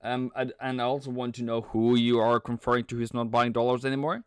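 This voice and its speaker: A man hosting a live trading stream, talking casually and playfully as he answers chat with frequent halting restarts. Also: medium pitch, flat delivery, clear, resonant tone, no room sound, studio quality. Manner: chuckles often, halting restarts. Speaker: trading livestream host. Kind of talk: casual live market commentary.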